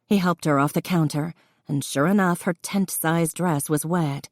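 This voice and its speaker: Brief: female audiobook narrator, low pitch, measured, dry studio read. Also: a little mellow, dry recording. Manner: measured storytelling. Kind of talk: scripted narration.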